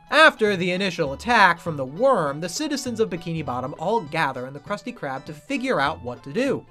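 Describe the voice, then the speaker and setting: A man's voice: high-pitched, fairly bright tone. A man giving scripted video-essay narration about cartoon writing, analytical and emphatic.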